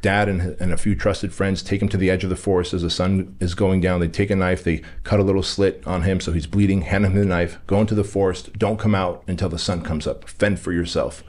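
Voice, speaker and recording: Podcast guest: a deep-voiced man from Armenia who speaks candidly and emphatically, voicing the other people in his story. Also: level tone, fairly quick, hardly any pauses, darkish tone. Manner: candid, emphatic, acts out quoted dialogue. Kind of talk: personal storytelling in conversation.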